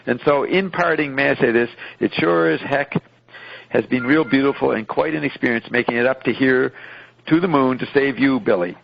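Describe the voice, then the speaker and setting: A man's voice: medium pitch, moderate pace, creaky, dull audio, close to an everyday voice. A man voicing a smug, self-proud male magical hero who speaks grandly and folksily.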